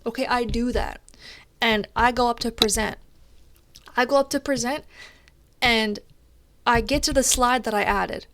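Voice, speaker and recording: Young woman streamer, animated rant. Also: fairly high pitch, measured pace, long pauses. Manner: animated storytelling, frequent swearing. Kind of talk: casual chat while gaming.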